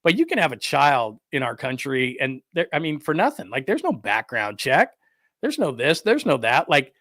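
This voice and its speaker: A middle-aged man hosting a podcast, ranting in a rambling, exasperated way with lively asides. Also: mid-range voice, no echo, studio quality. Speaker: podcast host. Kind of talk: casual ranting commentary.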